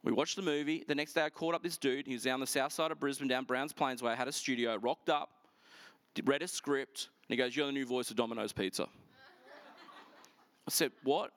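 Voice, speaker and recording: A middle-aged man preaching a sermon, telling stories in a lively, animated way. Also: medium pitch, dry recording. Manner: lively, animated storytelling with quick asides. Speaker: pastor. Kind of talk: storytelling sermon.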